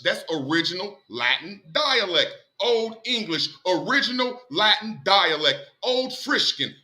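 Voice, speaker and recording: A man with a high, very bright voice talks loudly over a group call. He is emphatic, swears freely and hammers points by repeating them. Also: low-quality recording. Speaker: call participant, self-described language guru. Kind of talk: casual online group call discussion. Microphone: computer headset or call mic.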